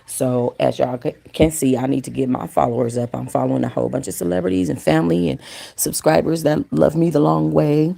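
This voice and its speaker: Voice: medium pitch, creaky, mellow. A gossip channel host chatting casually and directly to viewers during a livestream. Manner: chatty, talks straight to viewers.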